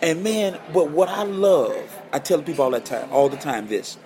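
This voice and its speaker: A man's voice: fairly high pitch, normal speed. A man telling stories in a podcast interview, acting out the voices of the people he quotes. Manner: animated storyteller, acts out quoted voices. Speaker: guest guitarist.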